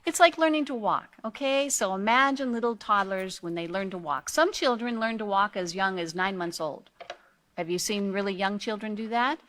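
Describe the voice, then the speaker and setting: A woman's voice: mid-range voice, moderate pace, a bit bright. A woman leads a training course on raising children, speaking earnestly and patiently. She keeps asking her listeners questions to pull them along. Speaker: character education trainer.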